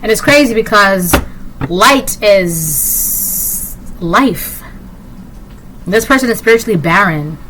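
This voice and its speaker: A woman talks through a casual collective tarot reading, wandering from thought to thought with plenty of "like" and "um". Her voice is bright and crisp, sitting at a medium pitch, and she speaks to the viewer in a direct, sassy way. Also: lively intonation, slow pace, pauses often, a little hiss or hum, low-quality recording. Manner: rambling, filler-heavy, with frequent "like" and "um". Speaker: tarot reader.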